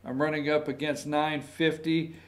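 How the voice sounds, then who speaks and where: High-voiced sarcastic male commentator. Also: flat delivery, moderate pace. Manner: sarcastic, combative, rambling with asides. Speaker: political commentary host. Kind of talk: opinionated political commentary.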